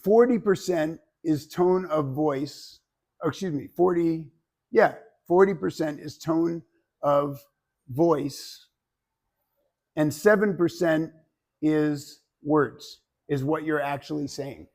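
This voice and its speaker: A man teaching public speaking to a live class in an energetic, conversational way, often checking in with "right?". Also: fairly high pitch, takes it slowly. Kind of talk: classroom lecture.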